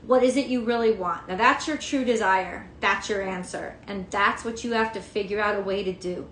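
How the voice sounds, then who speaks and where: A woman's voice: medium pitch, moderate pace, a bit bright, a little hiss or hum. Emphatic woman tarot reader, echoey room. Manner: frank and emphatic, swears freely. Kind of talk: casual tarot reading.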